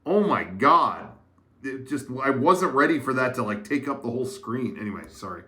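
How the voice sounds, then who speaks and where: A man's voice: medium pitch, sing-song, moderate pace, bright, forceful tone. A man hosting a casual livestream from an editing room, rambling and chatty to the viewers. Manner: rambling, chatty, with many fillers and restarts. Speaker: livestream host. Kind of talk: casual chat to a live chat.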